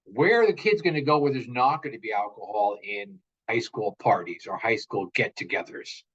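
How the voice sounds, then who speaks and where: A man's voice: fairly low pitch, moderate pace, husky. Earnest father, dull video-call sound. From United States. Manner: earnest, animated storytelling with repeated words. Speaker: interview guest, parent. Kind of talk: casual interview chat.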